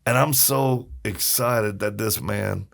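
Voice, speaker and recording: A man with a strongly gravelly, creaky voice tells stories in a relaxed conversational tone. He is a podcast guest, and he brings his stories to life by acting out the people in them. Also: fairly low pitch, takes it slowly. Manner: animated storyteller, acts out quoted voices. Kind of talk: casual storytelling.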